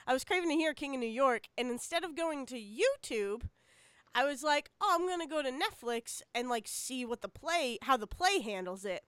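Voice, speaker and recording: A woman's voice: high-pitched, fairly bright tone, smooth, no echo. A woman co-hosting a podcast, chatting casually with lots of fillers and laughter. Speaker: podcast co-host. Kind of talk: casual chat.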